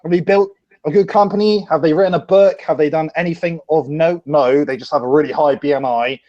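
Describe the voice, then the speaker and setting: A man appearing as a podcast guest, his voice sitting slightly high and coming through a dull, lo-fi line. He rambles and swears, working his thoughts out as he goes in a casual chat. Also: steady tone, brisk, a little mellow. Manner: rambling, profane, thinking aloud.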